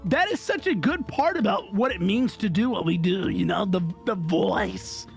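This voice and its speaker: A guest streamer with a raspy voice, joking and excitable in a casual live-stream chat. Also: mid-range voice, moderate pace, soft background music.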